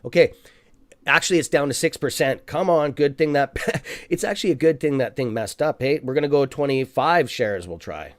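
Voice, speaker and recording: A man hosting a live stock-trading stream who talks excitedly as he buys shares, then mutters and swears at his trading app. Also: on the high side, moderate pace, no room sound. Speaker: stock trading livestream host. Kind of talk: live market commentary.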